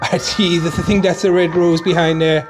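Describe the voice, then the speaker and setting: A man's voice: on the high side, flat delivery, a little fast, music in the background, lightly acted. A man putting on an Irish accent to narrate a silent craft video as a wry, chuckling commentator. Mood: amused. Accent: put-on Irish. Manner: wry running commentary, chuckling, mutters "Jesus" a lot. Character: jokey male narrator with a put-on Irish lilt. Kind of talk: mock silent-movie voiceover.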